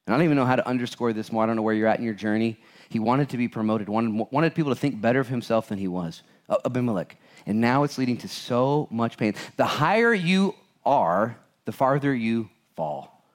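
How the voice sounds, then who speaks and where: Male pastor, animated conversational preacher; asks the room questions and acts out voices. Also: mid-range voice, fairly quick. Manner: addresses congregation directly with questions. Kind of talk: sermon.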